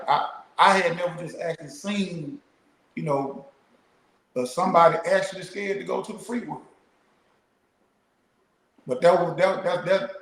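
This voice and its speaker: A man's voice: a little high, creaky. A middle-aged man, a guest, telling stories in a laid-back, casual way and peppering his speech with "man". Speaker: guest, former prisoner. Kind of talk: casual storytelling. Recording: roomy echo.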